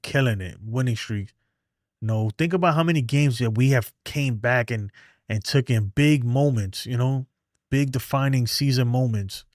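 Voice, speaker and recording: Casting: male fan-show host, mid pitch, dry close sound, chatty and slangy, short of breath. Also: dry recording. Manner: loose and conversational, many "like" and "man". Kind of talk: casual live-stream chat.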